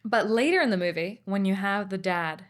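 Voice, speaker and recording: A woman's voice: mid-range voice, fairly quick. A woman co-hosting a podcast, chatting casually about movies with short agreements and teasing asides. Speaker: podcast co-host.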